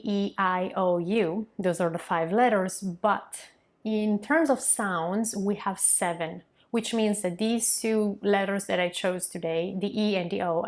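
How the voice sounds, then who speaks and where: A young woman from Milan with an Italian accent, teaching a pronunciation lesson and modeling sounds slowly and clearly. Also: medium pitch. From Milan, northern Italy. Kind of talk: online language lesson.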